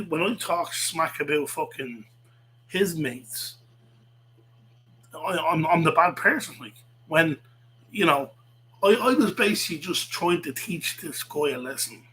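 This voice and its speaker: Man, bright edgy voice, rambling profane rant, faint hum behind. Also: a little high, animated, a little slow, rough recording. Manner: profane, rambling, many fillers and restarts. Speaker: vlogger.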